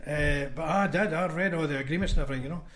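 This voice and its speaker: A man's voice: on the high side, rapid-fire, fairly bright tone. A Scottish man, a former union convener, telling blunt anecdotes in a casual podcast chat and acting out what others said. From Scotland. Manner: anecdotal, blunt, acts out quoted voices.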